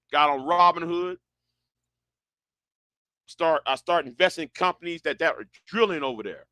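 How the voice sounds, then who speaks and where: A man's voice: a little high, moderate pace, pauses often, sharp tone, no room sound, studio quality. A man chatting casually and rambling, often stumbling and restarting his words, with a broad sound. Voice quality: stammering, many restarts. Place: Houston, Texas.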